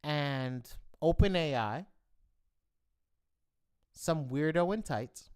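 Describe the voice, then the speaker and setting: A man hosting his own live stream in a heated, profane rant. His pitch swings widely as he punches out his points. He talks at an unhurried pace. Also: clean tone. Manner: animated, profane, heated rant with bursts of emphasis. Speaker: livestream host. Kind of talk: ranting live stream commentary.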